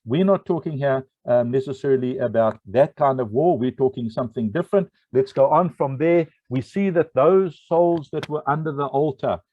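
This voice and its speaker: Brief: male Bible teacher, mid pitch, unhurried, asks questions then answers them, thin dry phone-quality sound. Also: no echo. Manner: unhurried, with many fillers and rhetorical questions.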